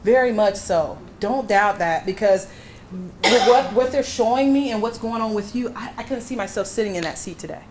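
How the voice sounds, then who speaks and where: A woman works as a medium, giving a live reading at an expo with a handheld mic. She sounds reassuring and emphatic and punctuates her talk with breathy exclamations. The faint hum of the hall sits behind her at a middling pitch. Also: normal speed, a little mellow.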